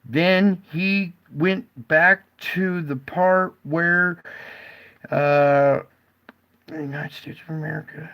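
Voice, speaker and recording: Male reaction host, slow-talking, slightly high voice, hesitant and rambling. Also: steady tone, clean tone, muffled recording. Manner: rambling, hesitant, with many fillers. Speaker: commentary host. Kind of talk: casual reaction commentary.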